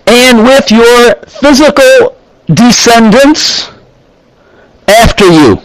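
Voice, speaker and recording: A man with a high voice explains scripture at a slow, deliberate pace. He pauses often, reading short Hebrew phrases and then unpacking them. The sound is close and dry. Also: animated, no room sound, poor audio. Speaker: Bible teacher. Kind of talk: unhurried scripture teaching.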